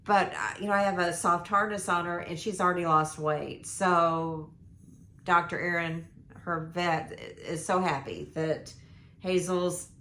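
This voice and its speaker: Older lady, voice going hoarse, slow rambly vlog talk full of ums, echoey room. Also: fairly low pitch, fairly bright tone, a little hiss or hum. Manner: meandering, lots of ums and restarts. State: hoarse, losing her voice. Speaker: vlogger. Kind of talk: rambling casual life update.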